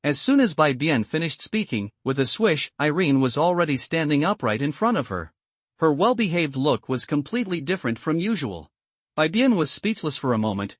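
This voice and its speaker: A man narrating a story recap in a steady, scripted reading. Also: fairly high pitch, no room sound.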